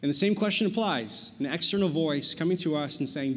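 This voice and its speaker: A man's voice: fairly high pitch, expressive, a little fast, few pauses, a bit bright, long reverb tail, a little hiss or hum. A man preaching a sermon as a pastor, joking and casual, with slang asides between verses.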